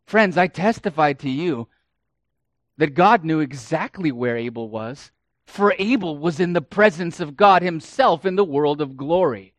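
A man preaching a sermon, dramatic, swinging between hushed and loud and acting out the quotes he reads. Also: on the high side, lively intonation, a little slow, no echo.

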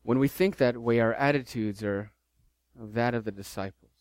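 A man, a pastor, preaching a sermon with animated delivery, acting out the disciples' complaints. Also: mid-range voice, normal speed, clear, resonant tone, no echo.

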